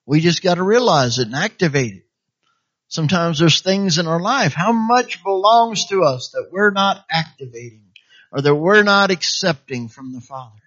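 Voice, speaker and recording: A man's voice: fairly high pitch, animated, measured pace, a bit bright. Preaching man, muffled lo-fi sound. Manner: exhorting, calls for "amen" and "hallelujah", acts out quoted voices. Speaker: pastor. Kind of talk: sermon. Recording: dull lo-fi sound.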